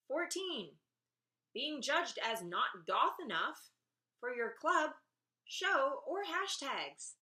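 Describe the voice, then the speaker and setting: A woman's voice: fairly high pitch, bright, forceful tone. A young woman vlogging a casual rant, exasperated and sarcastic, swearing freely.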